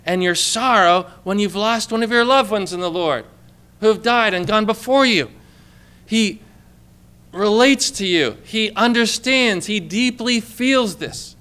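A male pastor preaches to his congregation in a high, bright voice. His delivery is clear and conversational, full of questions to the room and calls for an amen. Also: unhurried. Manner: conversational preaching with many rhetorical questions, asks for amens. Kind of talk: sermon. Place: church with a congregation.

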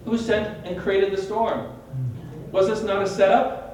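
Man, Bible study leader, teaching sermon, quizzes listeners, lively retelling, distant mic, faint background noise. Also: high voice, unhurried. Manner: animated, quizzes listeners by name, dramatic retelling. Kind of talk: teaching sermon with questions to a group. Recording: echoey room from far off.

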